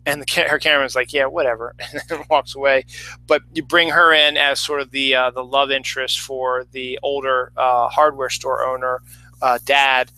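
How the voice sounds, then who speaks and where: A man's voice: mid-range voice, little pitch movement, normal speed, pushed and bright, rough recording. A man giving a casual, rambling film review, full of fillers and restarts.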